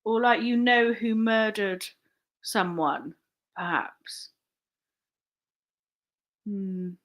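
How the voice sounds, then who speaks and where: A woman's voice: medium pitch, takes it slowly. A young woman chatting casually on a live stream. She rambles, laughs often and swears freely. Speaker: online reseller live-streaming.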